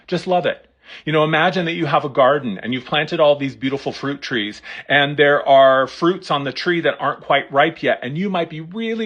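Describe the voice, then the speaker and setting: A man's voice: a little high, a bit bright. A man giving a live tarot reading in an earnest, encouraging coaching tone, speaking straight to his listeners. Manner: speaks directly to listeners, reads out viewer comments. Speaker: tarot reader.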